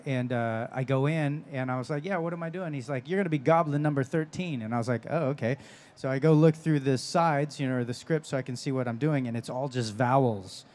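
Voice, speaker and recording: On a convention stage, a male voice actor fields audience questions during a live panel, chatting and laughing a lot as he shares stories. His voice sits at a medium pitch with a slightly mellow quality.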